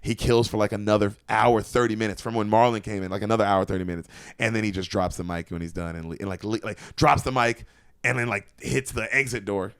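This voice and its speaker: A man, a comedian guest, telling a story in casual chat, animated and profane, acting out voices. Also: lowish voice, fast, clean tone, no echo, clean studio sound.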